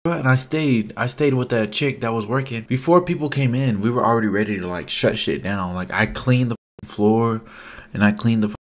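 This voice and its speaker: A man's voice: mid-range voice, moderate pace. A young adult man telling a casual storytime vlog, rambling and profane, with lots of "like" fillers. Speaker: vlogger.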